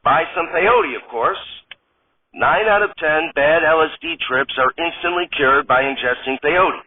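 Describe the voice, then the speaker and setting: A man voicing a scheming drug peddler with smooth, matter-of-fact sales patter. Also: a little high, unhurried. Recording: tinny phone-like sound.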